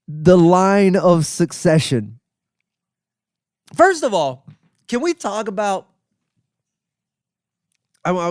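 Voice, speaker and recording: A man hosting a comedy podcast, riffing sarcastically in a rambling, profane monologue full of restarts and sudden high exclaims. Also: clean tone, no echo, studio quality. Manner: jumps into high exclaims for emphasis. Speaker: podcast host.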